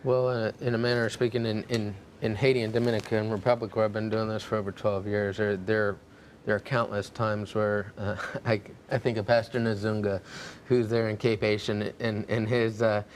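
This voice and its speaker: A man's voice: on the low side, little pitch movement, normal speed, a little hiss or hum. A man who flies supply flights, speaking plainly as a guest on a TV panel. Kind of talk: TV panel discussion.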